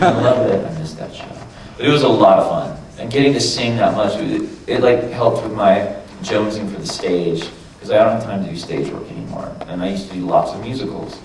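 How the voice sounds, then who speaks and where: Hoarse man chatting on a panel. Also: lowish voice, fairly quick, hardly any pauses, a crowd in the background. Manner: loose and chatty, swears freely. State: hoarse, worn-out voice. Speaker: voice actor on a convention panel. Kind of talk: casual panel Q&A. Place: large convention hall. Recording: echoey hall from far off.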